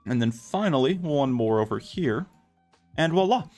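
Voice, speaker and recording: A man's voice: medium pitch, lively intonation, normal speed, a little mellow, soft background music. Male gaming host, casual commentary over his own play, rambling and chatty, talks through each step. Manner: chatty, thinks aloud with frequent fillers and restarts.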